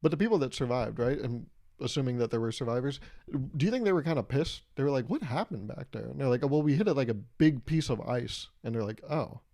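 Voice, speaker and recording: A man's voice: mid-range voice, lively intonation, fast, creaky, warm tone. A young man hosting a casual solo podcast, rambling through a story and laughing at his own jokes. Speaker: podcast host.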